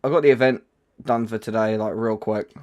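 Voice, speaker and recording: A man's voice: on the low side, fairly even intonation, fairly quick, darkish tone. A man hosting his own livestream, chatting casually about a game and rambling with lots of fillers and restarts. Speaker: livestream host. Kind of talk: casual gaming chat.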